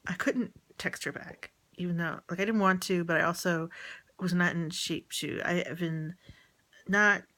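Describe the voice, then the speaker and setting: A woman rambling and venting in a personal audio diary, often halting and trailing off mid-thought. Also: on the low side, fairly even intonation, sharp tone. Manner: venting about a relative.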